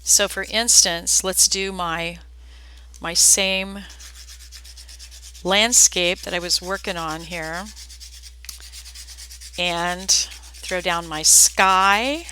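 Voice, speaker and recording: Woman, Southern accent, unhurried, bright crisp voice, folksy live art lesson. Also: on the low side, steady tone, low-quality recording. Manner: chatty, folksy, talks to viewers as "y'all". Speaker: art instructor. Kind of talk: live-streamed painting demonstration.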